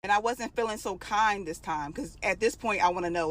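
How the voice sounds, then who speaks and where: A woman's voice: medium pitch, a little fast. A woman telling her own story in a casual, emotional storytime monologue, repeating phrases for emphasis.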